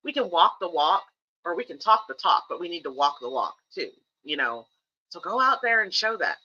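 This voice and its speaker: Bright-voiced woman streamer, emphatic. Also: fairly low pitch, sing-song, moderate pace, muffled recording. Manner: emphatic, candid, repeats key phrases for stress. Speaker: streamer host. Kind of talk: casual livestream talk, earnest advice.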